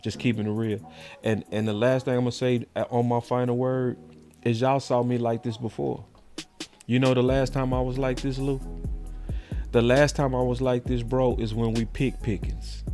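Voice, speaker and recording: A man's voice: medium pitch, level tone, normal speed, mellow, faint music behind. A man hosting a sports podcast, talking in a heated, slangy, repetitive way. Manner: fired-up, slangy, repeats himself. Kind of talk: heated casual sports talk.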